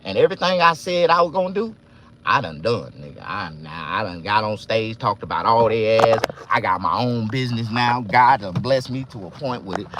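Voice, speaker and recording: A man vlogging from a car, ranting casually and profanely, swinging between loud outbursts and low muttering. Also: animated, moderate pace, a little hiss or hum. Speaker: vlogger and barber. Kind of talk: casual live-stream rant.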